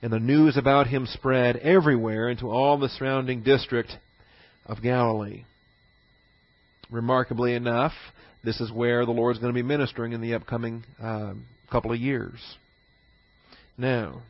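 A man's voice: mid-range voice, level tone, moderate pace, no room sound, dull audio. Man teaching Bible, repeating for emphasis. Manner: repeats key phrases for emphasis; poses rhetorical questions.

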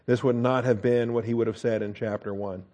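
A man leads a verse-by-verse Bible study in a loose, conversational manner. He restarts his sentences often and keeps checking in with a quick "okay?". His voice sits at an ordinary middle pitch. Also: steady tone, dark tone, lo-fi sound. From United States. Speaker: Bible teacher.

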